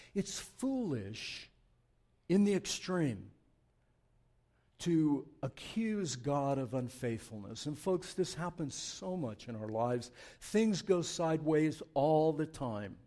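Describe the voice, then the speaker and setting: A male pastor preaching a sermon in a conversational, animated, emphatic way in a church. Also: fairly high pitch, takes it slowly.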